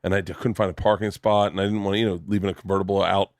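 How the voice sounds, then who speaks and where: A man in his forties with a low voice hosts a casual podcast chat from a home studio. He tells stories with energy and acts out every voice in them. The sound is dry and close to the mic. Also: little pitch movement, rapid-fire, dry recording. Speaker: podcast host.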